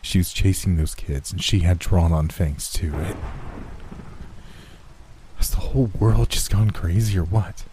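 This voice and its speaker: A man narrating horror stories in a measured, steady scripted reading. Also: low voice, slight background noise.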